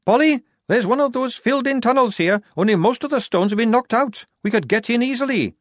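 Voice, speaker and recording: A man's voice: very high-pitched, animated, brisk, dry recording, clean studio sound, voice pushed up. A man voicing a blunt, tough young woman soldier who speaks brashly.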